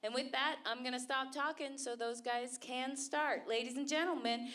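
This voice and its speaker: A woman introducing a live comedy show, chatty, with fillers and quick asides. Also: high-pitched, fairly even intonation, bright, forceful tone.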